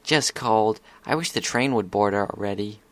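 A man's voice: on the low side, normal speed, a bit bright, close to an everyday voice. A man doing a grumbling young pegasus filly. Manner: grumbling, mumbling, offhand.

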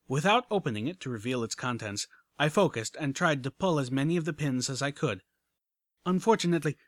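A man's voice: medium pitch, no room sound. A man reading a first-person action story aloud with dramatic narration. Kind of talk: audiobook reading of fan fiction.

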